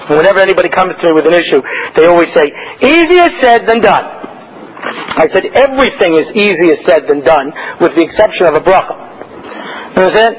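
High-voiced animated rabbi, dull recording. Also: male voice, slight background noise. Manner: animated and joking, with sudden emotional swells. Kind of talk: Torah class with humorous storytelling.

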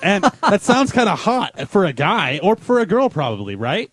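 Male podcast co-host, crude joker, slightly high voice, dry sound. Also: very animated, moderate pace, fairly bright tone, dry recording. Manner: crude and joking, reads aloud from a magazine. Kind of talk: casual podcast banter.

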